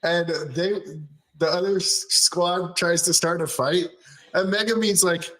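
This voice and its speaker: A man's voice: high-pitched, steady tone, a little slow, a bit bright. A man hosting a casual chat show, recapping an anime episode with lots of laughter and swearing, acting out characters' quotes in a raised voice. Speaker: show host.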